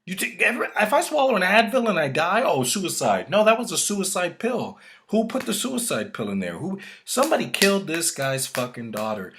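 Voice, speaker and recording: A man's voice: fairly high pitch, background noise. A man ranting agitatedly and profanely, jumping from thought to thought. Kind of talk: rambling conspiracy rant.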